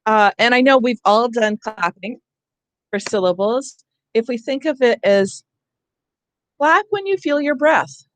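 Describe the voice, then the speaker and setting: A woman with a somewhat high voice leads a teacher training session over a video call. She talks in an animated way and acts out sounds as she explains. The sound is dry and close. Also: dry recording. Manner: animated, acts out calling for help. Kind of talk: online teacher workshop.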